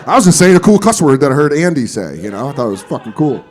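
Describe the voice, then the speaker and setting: A male stand-up comedian with a fairly high voice that swoops all over the place as he tells his stories. He swears freely and keeps jumping into loud, exaggerated impressions of the people in them. The set is performed on a comedy club stage. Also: fast, some chatter behind. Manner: animated storytelling, profane, jumps into loud exaggerated character voices.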